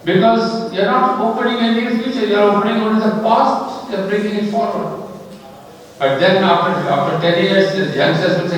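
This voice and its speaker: A man with an Indian accent giving an earnest public talk, emphatic and slowing down on key words. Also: high-pitched. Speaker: speaker in a discussion. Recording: echoey hall from far off.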